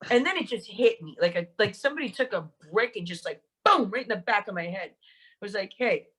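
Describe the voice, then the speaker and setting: A woman's voice: medium pitch, brisk, slightly rough. A woman guest, telling set stories in a loose, laughing way and acting out what people said. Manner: animated, laughing, swearing, acts out quotes. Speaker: podcast guest, actress and director. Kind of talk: casual storytelling interview.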